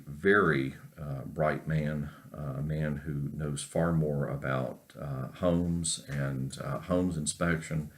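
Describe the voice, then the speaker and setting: A man from North Carolina, a professor giving a recorded class lecture, telling an unhurried story with many fillers. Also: very deep voice.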